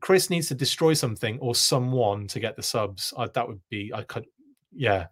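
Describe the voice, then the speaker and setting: A man's voice: mid-range voice, animated, moderate pace. A man hosting a live stream, reading chat comments aloud in a casual, self-deprecating way with frequent laughs.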